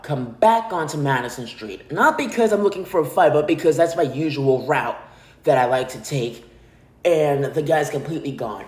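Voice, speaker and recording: A man's voice: fairly high pitch, darkish tone. Give me a blunt, profane male podcast host telling a story in a roomy space. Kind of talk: casual storytelling monologue.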